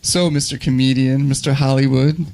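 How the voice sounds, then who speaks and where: A blunt, sharp-tongued older woman on a date, as a male comedian quotes her in his own voice. She teases in a dry, deadpan way with no real change of tone. She sits at a mid pitch, in a comedy story. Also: normal speed, lightly acted. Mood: teasing.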